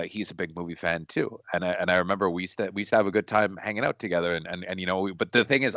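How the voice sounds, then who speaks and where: A man's voice: low-pitched, a bit bright, dry recording. A man co-hosting a casual chat, telling a story in a rambling way, repeating words and restarting his sentences. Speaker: co-host. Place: studio.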